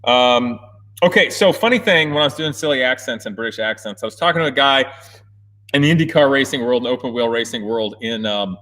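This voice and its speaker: An American man hosting a casual livestream Q&A from an indoor race shop, talking in an energetic, excitable way and laughing often. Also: medium pitch, a little fast. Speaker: host.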